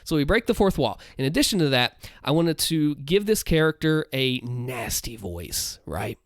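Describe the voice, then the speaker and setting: Animated man breaking down his voice acting. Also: fairly high pitch, moderate pace, no echo, clean studio sound. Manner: animated, explains with vocal demonstrations; holds back volume late at night. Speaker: content creator explaining his voice work.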